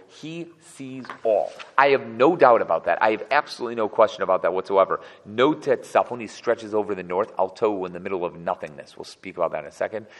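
A man teaching a text study class, reading verses and translating and explaining each one. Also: lowish voice. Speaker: Torah teacher. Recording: long hall reverb.

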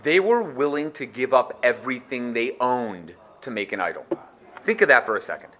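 A man teaching an animated religious lesson, acting out little scenes as he explains. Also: medium pitch, muffled recording. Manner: animated, fast-talking, acts out voices. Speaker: Torah teacher.

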